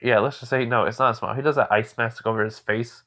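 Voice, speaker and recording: A man's voice: medium pitch, fairly even intonation, fast talker, sharp tone. A man casually improvising a fan story aloud, rambling and full of filler words. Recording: dull lo-fi recording.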